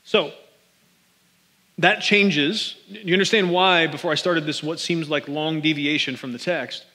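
Man, pastor, casual joking sermon, high-ish voice, long hall reverb. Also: measured pace, sharp tone. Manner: casual and joking, addressing the congregation directly. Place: large church hall.

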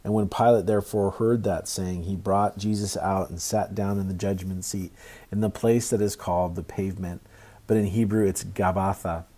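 A man preaching a sermon in a conversational, halting way with many restarts. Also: deep voice, steady tone, mellow. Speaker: pastor.

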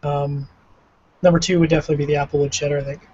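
Canadian guy musing about flavors, bit higher voice, muffled lo-fi sound. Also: little pitch movement, racing, darkish tone. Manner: thoughtful, musing, self-deprecating. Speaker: co-host of a cigar pairing show. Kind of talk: casual tasting chat. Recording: dull lo-fi audio.

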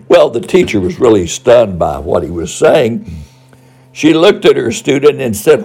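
Older male storyteller, dark husky voice, folksy ex-principal, chuckles through anecdotes. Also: medium pitch, sing-song, measured pace. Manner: warm anecdotal delivery, chuckling asides. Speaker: former school principal.

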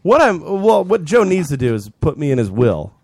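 A man's voice: on the high side, big pitch swings, a little fast, a little mellow, breathy edge, no echo. A young man co-hosting a podcast, casually rambling through a story with lots of animation. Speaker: podcast co-host. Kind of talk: casual chat.

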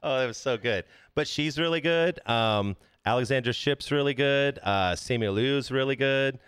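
A man's voice: medium pitch, moderate pace, fairly bright tone, clean tone, no room sound, studio quality. A man co-hosting a casual film podcast, talking enthusiastically and swearing freely. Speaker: podcast co-host.

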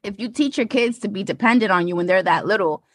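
A woman's voice: medium pitch, fast talker, breathy edge, dry recording, studio quality. A woman co-hosting a podcast, talking bluntly and profanely with sassy asides in casual chat. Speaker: podcast co-host.

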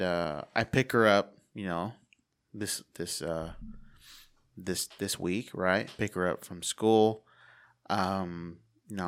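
A man's voice: on the low side, a bit bright, clean tone. A man co-hosting a casual podcast, telling a rambling story, swearing and laughing often. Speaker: podcast co-host. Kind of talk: casual chat.

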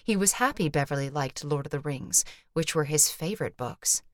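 Woman narrating with a low voice. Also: expressive, moderate pace, dry recording, clean studio sound. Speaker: audiobook narrator. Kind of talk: scripted narration.

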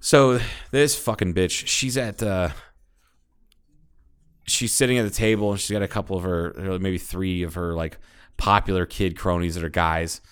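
A deep, smooth-voiced man from Ohio spins a long, cursing anecdote on a casual podcast. He backtracks and restarts often, then pushes ahead with animated, blunt emphasis. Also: normal speed. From Ohio, United States. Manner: profane, animated storytelling with frequent restarts. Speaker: podcast co-host. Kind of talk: casual storytelling chat.

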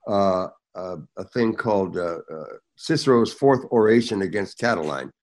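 A man's voice: lowish voice, normal speed. An older man, an actor guest, telling anecdotes in casual chat and acting out the people he quotes. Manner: animated storyteller, acts out quotes.

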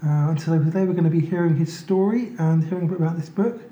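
A male interview host speaks hesitantly and drops in frequent filler ums. His voice is mellow and soft-edged. The recording sounds dull and muffled in an echoey office. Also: fairly high pitch, quick pace. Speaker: podcast host.

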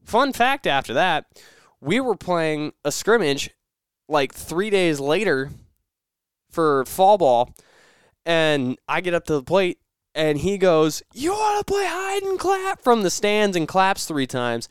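A man's voice: fairly high pitch, lively intonation, slow pace, clean tone, no room sound, clean studio sound. A young man hosting a casual solo podcast, rambling and correcting himself as he tells stories. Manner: rambling, self-correcting storyteller. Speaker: podcast host.

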